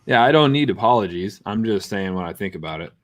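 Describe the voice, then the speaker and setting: A man's voice: lowish voice, lively intonation, fast talker, dull audio. A middle-aged man chatting bluntly and emphatically on a live gaming stream, often repeating his words. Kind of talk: casual stream chat.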